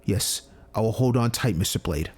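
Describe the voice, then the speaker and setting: A man's voice: lowish voice, animated, moderate pace, over loud music, voice pushed down, close to an everyday voice. A man voicing a frightened blind young female student in a video game, speaking in a shaky, hesitant way. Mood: grateful.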